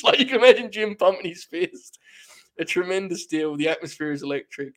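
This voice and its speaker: A man hosting a podcast in casual chat, animated and swearing freely. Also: a little high, fairly quick. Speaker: podcast host.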